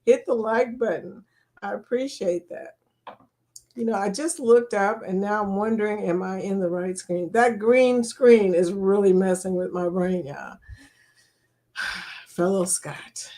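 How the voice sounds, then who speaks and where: A woman's voice: medium pitch, a little slow, mellow. An older woman hosting a live chat stream, reading out viewer comments in a chatty, teasing way and laughing often.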